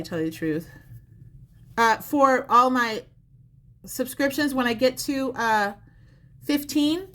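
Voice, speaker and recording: High-voiced woman giving a chatty psychic reading. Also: fairly bright tone. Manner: chatty, repetitive, addresses the viewer directly. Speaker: psychic reader. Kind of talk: live-stream psychic reading. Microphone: phone or close mic on a live stream.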